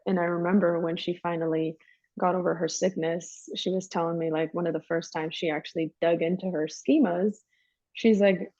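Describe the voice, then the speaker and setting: A woman's voice: fairly low pitch, steady tone, moderate pace, warm tone, dry recording. A woman guest telling her story in an emphatic, chatty way, with a dry, dull lo-fi sound. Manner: emphatic, chatty, calls listener "girl". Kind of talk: candid personal storytelling.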